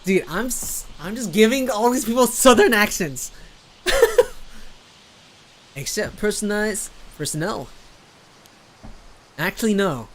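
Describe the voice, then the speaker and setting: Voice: mid-range voice, lively intonation, slow, pauses often, a little hiss or hum. A game streamer chatting casually between reading dialogue, with giggly, self-mocking asides.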